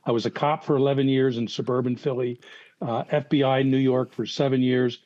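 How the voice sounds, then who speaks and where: A man's voice: medium pitch, level tone, fairly quick, darkish tone, no room sound. An older man tells rambling stories, full of fillers and false starts. His audio is slightly muffled and lo-fi. There is almost no room sound around him. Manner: rambling anecdotes with many restarts and fillers. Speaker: guest, former FBI profiler. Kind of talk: casual podcast storytelling.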